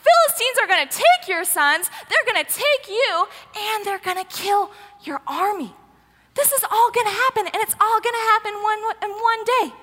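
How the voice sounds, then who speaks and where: A woman's voice: very high voice, expressive, normal speed, pushed and bright, pitched above the performer's own voice, full character voice. A woman voicing the angry male spirit of a dead prophet, scolding and scornful, in a roomy hall. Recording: roomy hall with long echo.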